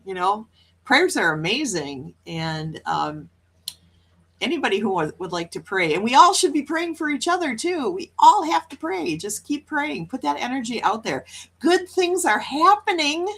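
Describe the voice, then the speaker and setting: A woman's voice: a little high, big pitch swings, moderate pace, a bit bright, breathy edge. A woman from Wisconsin, hosting a casual morning livestream and chatting upbeat with her viewers. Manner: chatty, upbeat, with frequent laughs. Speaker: livestream host reading chat.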